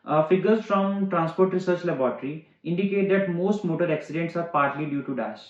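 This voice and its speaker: A man tutors students through reading questions, working through each answer step by step and glossing words in plainer terms. His voice sits fairly high, with frequent "uh" fillers. The recording is roomy and a little dull. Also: a little fast. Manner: explains step by step, restating words in simpler terms. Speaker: IELTS teacher. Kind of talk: online exam-prep lesson.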